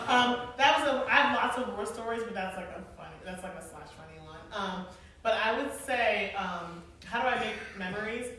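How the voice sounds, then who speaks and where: A woman in her forties telling stories to an audience in a casual, animated way, laughing often and using many fillers. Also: mid-range voice. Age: 40s. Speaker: guest speaker, former event planner. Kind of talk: casual storytelling talk to an audience. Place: large echoey hall. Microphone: far from the mic. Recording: echoey hall, distant mic, faint noise.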